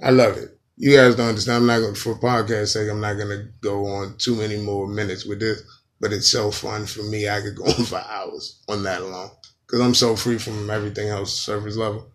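A man's voice: fairly low pitch, flat delivery, brisk. A man hosting a podcast in a casual comedic rant, profane and playful, often breaking into sung imitations. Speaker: podcast host.

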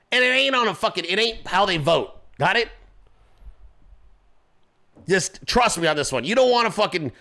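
A man's voice: high voice, creaky, sharp tone. A male host ranting in political commentary, profane and confrontational, who mocks people by voicing them. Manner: mocks people with quoted voices.

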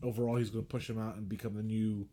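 A man's voice: fairly low pitch, flat delivery, fast talker, dark tone. A man co-hosting a movie podcast, retelling scenes in a rambling, filler-heavy casual chat. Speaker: podcast co-host.

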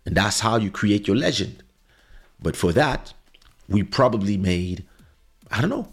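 A man's voice: on the low side, very animated, moderate pace, creaky, fairly bright tone, husky, soft background music. A man hosting a podcast, telling a casual story with fillers and restarts and acting out quoted lines. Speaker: podcast host. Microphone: studio microphone.

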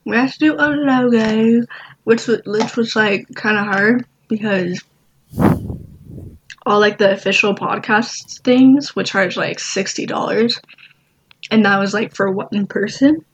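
A young woman co-hosting a casual podcast, halting and restarting, with lots of fillers. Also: mid-range voice. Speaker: podcast co-host. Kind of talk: casual chat. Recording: dull lo-fi mic, faint noise.

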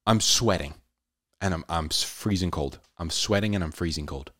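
A man telling a personal story in a casual, animated way, often saying "dude". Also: sits low, normal speed, no room sound, studio quality. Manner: animated, says "dude" a lot.

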